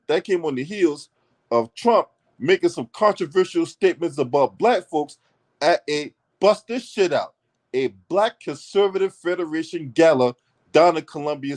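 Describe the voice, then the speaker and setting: A man with a fairly high voice tears into politics in a heated, profane commentary rant. He is blunt and mocking, swearing at every turn as he talks straight to his audience. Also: darkish tone.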